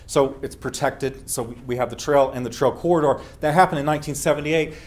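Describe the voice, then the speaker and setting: A man giving a welcome speech at a festival, telling a story in an earnest, emphatic way and slowing down for effect. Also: mid-range voice. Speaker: welcome speaker.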